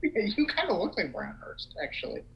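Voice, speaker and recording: A young man co-hosting a casual livestream chat, animated and rambling with lots of fillers. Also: high-pitched, fairly quick, gravelly, muffled recording. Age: young adult. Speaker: podcast co-host.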